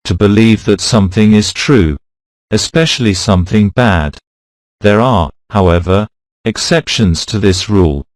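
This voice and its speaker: A male pronunciation teacher with a low voice narrates a scripted lesson, slowly and deliberately reading out words one by one. The recording is dry and close, with no room sound.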